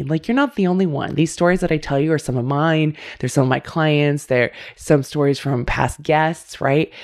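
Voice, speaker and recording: A woman's voice: sits low, a little mellow. A middle-aged woman hosting a self-help podcast, talking casually and candidly straight to her listeners. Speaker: podcast host.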